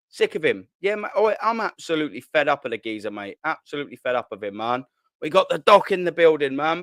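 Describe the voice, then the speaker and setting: A young man, hosting a casual live stream from his kitchen at home, talking in excitable slang, swearing and repeating himself. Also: a little high, moderate pace, no room sound, clean studio sound. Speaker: football channel host. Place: at home, sitting at a kitchen island.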